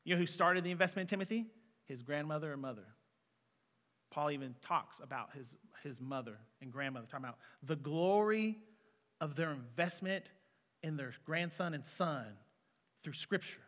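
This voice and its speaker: A man's voice: fairly high pitch, normal speed, fairly bright tone. A man in his twenties preaching an earnest, conversational sermon as a student pastor in a church hall. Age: 20s. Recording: long reverb of a hall.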